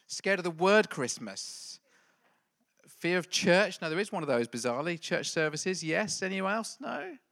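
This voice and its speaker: Male pastor, middle-aged, playful teasing delivery, tense bright tone. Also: sits high, very animated, measured pace, gravelly. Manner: playful, jokey, quizzes the congregation. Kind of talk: lively church talk with a quiz.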